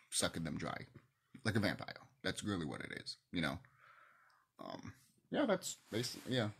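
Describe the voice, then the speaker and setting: Male host, fervent solo rant, husky and lowish, volume swings from outbursts to hushed asides. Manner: passionate, swings between loud outbursts and hushed near-whispers, swears. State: emotional, teary. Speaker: video host. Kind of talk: ranting monologue to camera.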